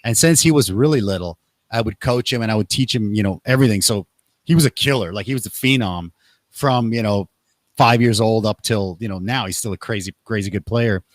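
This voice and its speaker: Animated man telling stories in a dry room. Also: lowish voice, a little fast, no echo. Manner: animated, acts out quotes in raised voices. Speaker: podcast host. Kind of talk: casual conversational storytelling.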